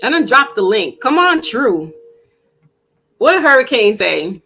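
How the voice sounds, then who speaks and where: A woman hosting a casual live-stream panel, chatting loosely with plenty of fillers and restarts and getting animated when she tells a story. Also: fairly high pitch, measured pace, faint music behind, poor audio. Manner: animated when telling stories.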